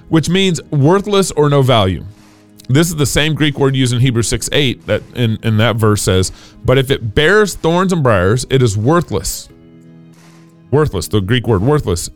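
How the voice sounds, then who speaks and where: A man co-hosting a talk show, giving earnest, preachy commentary and quoting scripture. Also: medium pitch. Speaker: podcast co-host. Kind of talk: opinionated commentary.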